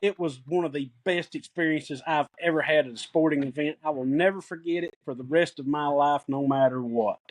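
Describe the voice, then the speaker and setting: A middle-aged man with a Tennessee accent tells folksy, excited stories on a casual podcast. His voice sits high for a man. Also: fairly quick, hardly any pauses. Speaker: podcast co-host. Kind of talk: casual sports podcast chat.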